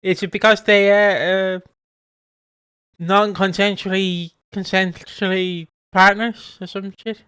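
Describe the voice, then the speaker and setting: A man's voice: sits high, flat delivery, slow pace, bright, forceful tone, clean tone, no room sound. A man co-hosting a casual podcast chat, rambling with fillers and easy laughs. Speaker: podcast co-host.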